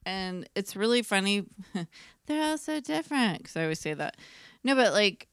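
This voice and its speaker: A woman's voice: medium pitch, big pitch swings, normal speed, a bit bright, smooth, dry recording, clean studio sound. A woman co-hosting a podcast, rambling in casual chat, swearing freely and filling her talk with "like.". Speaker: podcast co-host.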